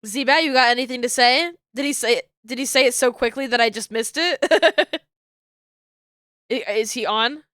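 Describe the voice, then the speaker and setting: A woman's voice: fairly high pitch, normal speed, bright, forceful tone, dry recording, studio quality. A young woman streamer chatting casually and swearing freely as she rambles. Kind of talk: casual livestream chat.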